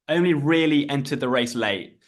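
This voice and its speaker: A man's voice: mid-range voice, normal speed. A man co-hosting a casual podcast, reading out a prepared list with dry asides. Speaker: podcast co-host.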